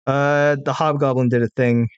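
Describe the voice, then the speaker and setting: A man's voice: mid-range voice, flat delivery, normal speed, smooth, no echo, muffled recording. Give me a man narrating a tabletop game and tallying dice methodically, close and dry. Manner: methodical, counts rolls aloud. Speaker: game master.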